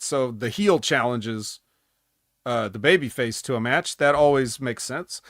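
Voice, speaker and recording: A man's voice: mid-range voice, lively intonation, a little slow, fairly bright tone, no room sound, clean studio sound. A man co-hosting a casual wrestling recap podcast, rambling with sarcastic asides. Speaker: podcast co-host.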